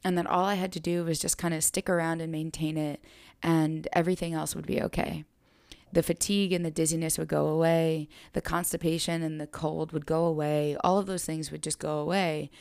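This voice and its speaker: A woman's voice: sits low, creaky. A young adult woman hosting a podcast, telling a personal story in an earnest, reflective way and repeating phrases for emphasis. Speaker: podcast host.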